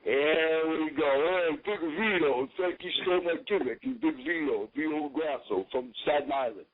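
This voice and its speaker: A man's voice: on the high side, moderate pace. A man, a pro wrestler guest, telling casual stories in a rambling, profane, jokey way. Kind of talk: casual storytelling. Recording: tinny phone line.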